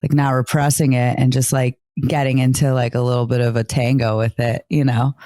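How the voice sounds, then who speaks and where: A woman's voice: a bass voice, little pitch movement, brisk, dark tone. A woman co-hosting a podcast as a therapist, laughing often and making crude jokes in casual chat.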